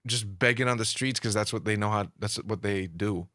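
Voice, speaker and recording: A man's voice: fairly low pitch, brisk, sharp tone, dry recording, studio quality. A man co-hosting a podcast in casual chat, talking hesitantly with lots of fillers. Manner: hesitant, filler-heavy, loose phrasing. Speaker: podcast co-host.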